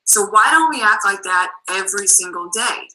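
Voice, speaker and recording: A woman's voice: medium pitch, expressive, moderate pace, sharp tone, rough recording. A woman with a Boston accent, chatting casually as a guest coach on a team call, full of "like" and "um".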